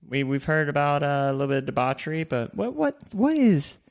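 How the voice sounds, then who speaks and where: Podcast co-host, male, gravelly, jokey and profane, casual banter. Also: on the high side, sing-song, fairly quick. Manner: joking, swears freely. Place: in Austin.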